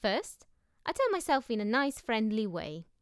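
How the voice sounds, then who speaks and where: A woman voicing a bold, boastful young girl who tells tall tales, loud and cheerful. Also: on the high side, big pitch swings, normal speed, clean tone, no echo, clean studio sound.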